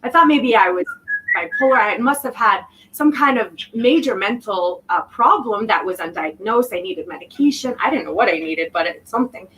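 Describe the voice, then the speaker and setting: A woman guest telling a personal story in an interview, reflective and halting, often restarting her sentences. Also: mid-range voice, animated, fairly bright tone. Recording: voice distant from the mic.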